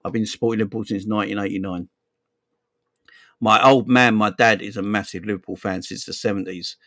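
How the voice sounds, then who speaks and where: A man in his forties with a South London accent, hosting a casual football livestream, rambling and chatty, giving viewers shout-outs. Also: on the low side, fairly even intonation, a little fast, no room sound, studio quality. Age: 40s. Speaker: football channel host.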